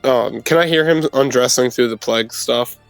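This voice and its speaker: A man's voice: medium pitch, normal speed, gravelly, smooth, dry recording, faint music behind, low-quality recording. A man playing a tabletop game, casually describing his character's actions. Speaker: player.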